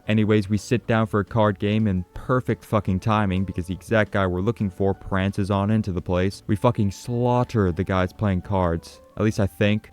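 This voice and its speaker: A man with a smooth, low voice rattles through a comedic video game recap, sarcastic and crude. He swears constantly and mocks everything on screen. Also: a little mellow. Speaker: gaming video narrator.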